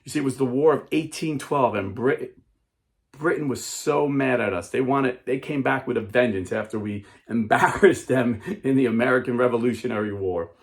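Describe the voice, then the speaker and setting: A man's voice: medium pitch, normal speed, gravelly. A man giving a dramatic storytelling speech, emphatic and acting out characters as he goes. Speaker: speaker.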